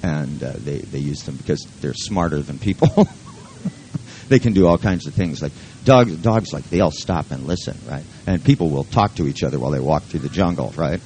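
A man's voice: rumbling low, lively intonation, normal speed, a little mellow, slight background noise, rough recording. Rambling, joking man leading a seminar. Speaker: seminar leader. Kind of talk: live workshop talk.

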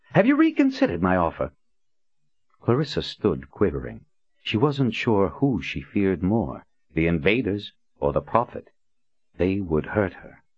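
Deep male narrator, expressive reading, dry and muffled. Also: breathy edge, no echo. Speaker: audiobook narrator. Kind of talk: scripted narration. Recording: dull, dry lo-fi recording.

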